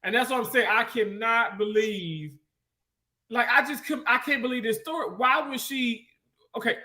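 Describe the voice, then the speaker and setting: A panel co-host reacting and chiming in, animated and interjecting. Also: medium pitch, normal speed. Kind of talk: reactive casual chat.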